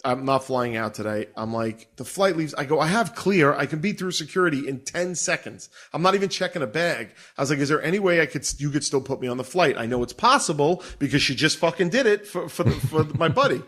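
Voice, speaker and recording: A middle-aged man telling a story in a casual, profane and animated way, laughing as he goes. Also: on the high side, quick pace, few pauses. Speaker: podcast co-host.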